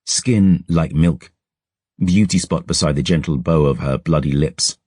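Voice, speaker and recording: A man narrating a dark fantasy audiobook in a measured, brooding storytelling manner, close to a studio mic. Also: very deep voice, breathy edge, no echo.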